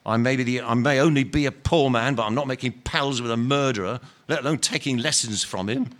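A man's voice: mid-range voice, a little fast, fairly bright tone, natural voice. A man reading aloud and voicing a bitter, self-righteous male ghost who insists on his rights in blunt, ungrammatical speech. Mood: indignant. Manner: indignant, insistent, ungrammatical working-class talk. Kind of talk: dramatic reading of a novel.

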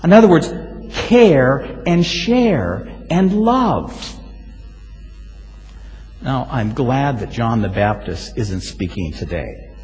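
A male pastor preaching a sermon, telling stories with lively swings and sudden loud exclamations. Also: mid-range voice, slow. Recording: hall reverb.

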